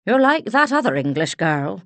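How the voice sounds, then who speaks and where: A woman's voice: mid-range voice, big pitch swings, fairly bright tone, no echo. A woman voicing a brusque Scottish woman doctor with an Edinburgh accent, blunt and pointed. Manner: blunt, brisk, slow and pointed.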